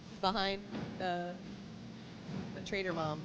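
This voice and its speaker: Lady co-commentator, teasing and playful, loud venue noise underneath. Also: lowish voice, steady tone, unhurried, lo-fi sound. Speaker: sports commentator. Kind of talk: live color commentary.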